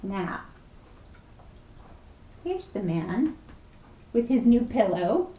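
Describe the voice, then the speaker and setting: A woman librarian reading a picture book aloud at a preschool storytime, animated and playful, asking the children questions. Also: mid-range voice, drawn-out words. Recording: echoey room.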